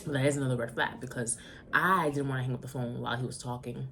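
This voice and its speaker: A young woman with a notably low, deep voice tells a story in a sassy, animated way, as in a casual chat vlog. A faint hum sits behind her. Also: fast. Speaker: vlogger.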